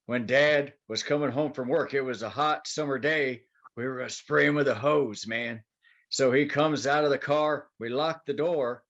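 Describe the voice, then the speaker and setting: A man's voice: on the high side, a bit bright, highs cut off. A man co-hosting a casual podcast, teasing and telling family stories. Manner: teasing, joking. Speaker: podcast co-host. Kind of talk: casual banter.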